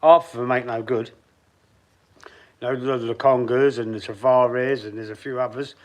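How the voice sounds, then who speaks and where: A man's voice: medium pitch, steady tone, moderate pace. Chatty Cockney man on a live stream. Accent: East End London (Cockney). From London, East End. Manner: rambling, chatty, full of restarts and asides; speaks straight to chat viewers by name. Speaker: football fan live streamer. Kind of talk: casual live stream chat, reading out comments.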